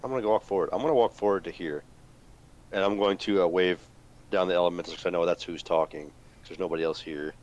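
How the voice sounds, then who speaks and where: A man's voice: deep voice, fast, darkish tone, highs cut off. A man playing a tabletop game, thinking aloud hesitantly and describing his character's actions. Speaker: player. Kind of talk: tabletop game play, casual chat.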